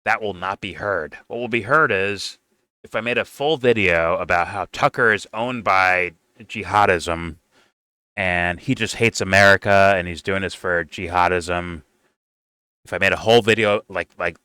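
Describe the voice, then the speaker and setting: A man's voice: low-pitched, normal speed, dry recording. A man co-hosting a podcast, giving casual reaction commentary in a profane, rambling rant full of restarts. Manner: profane, rambling, animated ranting with frequent restarts. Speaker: podcast co-host reacting to an interview.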